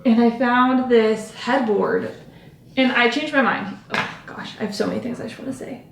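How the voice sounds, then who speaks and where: A woman's voice: fairly high pitch, normal speed, roomy sound, a little hiss or hum. A young woman vlogging at home, rambling and chatty with lots of fillers as she talks to the camera while doing her makeup. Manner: rambling, filler-heavy, self-interrupting. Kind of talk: chatty vlog talking to camera.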